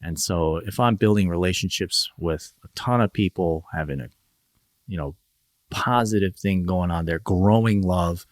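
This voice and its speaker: A man's voice: sits low, moderate pace, no echo, clean studio sound. A man from Northern Virginia, a podcast guest in casual conversation, rambling, laughing often and acting out quoted voices.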